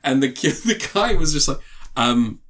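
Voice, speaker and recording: This podcast co-host has a medium-pitched, somewhat bright voice with lively intonation and a moderate pace. He tells a story in casual chat, laughing a lot and swearing freely.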